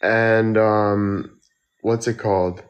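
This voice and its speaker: Slow, tipsy young man livestreaming. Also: on the low side, little pitch movement, lo-fi sound. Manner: slow, rambling, lots of fillers. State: tired and tipsy from drinking. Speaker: model and livestreamer. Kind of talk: casual livestream chat. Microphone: phone.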